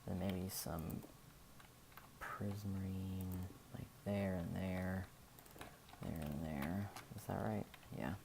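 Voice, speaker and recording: A man with a very deep voice talks through a game-building tutorial in an unhurried, rambling way. He thinks out loud, loses words and circles back to correct himself. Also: steady tone, creaky, noisy background. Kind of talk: casual gameplay tutorial narration.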